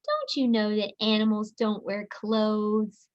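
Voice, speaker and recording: A woman's voice: medium pitch, takes it slowly, natural voice. A woman voicing a young storybook farm girl who scolds with a laugh. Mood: teasing. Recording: dull lo-fi audio.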